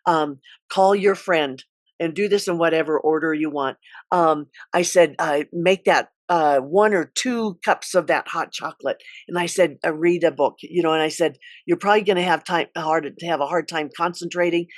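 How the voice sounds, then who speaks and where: A middle-aged woman school counselor telling a personal story in an earnest, halting way, with many restarts. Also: sits low, dry recording.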